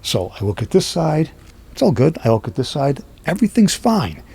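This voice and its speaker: A man who is a podcast guest, telling stories in a lively way and acting out what people said. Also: fairly high pitch, moderate pace, gravelly, husky. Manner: lively, acts out quoted speech. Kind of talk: animated storytelling.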